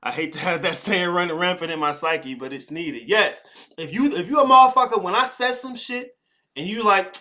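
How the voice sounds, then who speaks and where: Blunt, swearing man with a high, bright voice. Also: animated. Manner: blunt, swearing, mocking, mimics others in quick asides. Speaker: host of a live spirituality advice show. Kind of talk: profane casual monologue.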